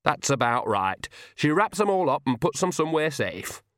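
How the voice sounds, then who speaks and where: A man's voice: a little high, sing-song, normal speed, a bit bright, no room sound, studio quality, pitched above the performer's own voice. A man doing a folksy old grandmother witch. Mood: gossipy. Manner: homely, folksy, cheerfully blunt.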